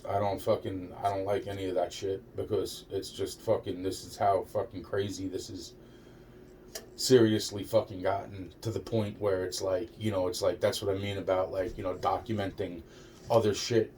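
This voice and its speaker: A man's voice: sits low, level tone, normal speed, a little mellow. A man talking in a rambling personal monologue, agitated and repetitive, swearing heavily and restarting his sentences. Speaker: vlogger. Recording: distant mic with faint background noise.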